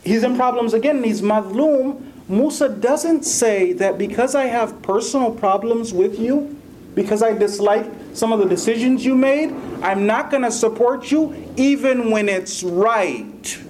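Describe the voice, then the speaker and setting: A man preaching a sermon, an animated storyteller who mixes in jokes and often asks his listeners "right?". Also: extremely high pitch, unhurried, slight background noise. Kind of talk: Ramadan sermon with humorous anecdote.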